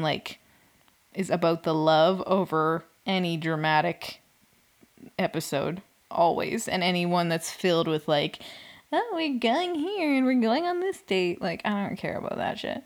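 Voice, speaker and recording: Chatty young woman recapping reality TV. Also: lowish voice. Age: young adult. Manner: chatty, sarcastic, heavy on "like" and laughter. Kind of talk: casual chat.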